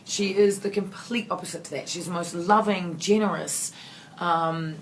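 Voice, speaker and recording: Nz woman, 40s, lowish voice, rambly effusive actress answering fan qs, lots of ums. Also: steady tone, moderate pace, slight background noise. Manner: rambling, warm and effusive, many fillers and restarts. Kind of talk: casual Q&A.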